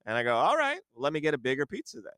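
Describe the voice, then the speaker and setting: Comedian guy ranting about a story, smooth voice, super dry sound, digs in hard. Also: on the high side, rapid-fire, no echo. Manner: animated storyteller, defensive and emphatic. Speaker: comedian podcast host. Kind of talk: casual chat.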